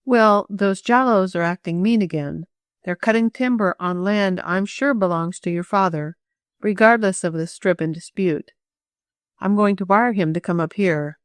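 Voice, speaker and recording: A woman's voice: medium pitch, moderate pace, no room sound, natural voice. A woman reading the part of a worried, middle-aged male camp caretaker in an audiobook, speaking earnestly and urgently. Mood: concerned.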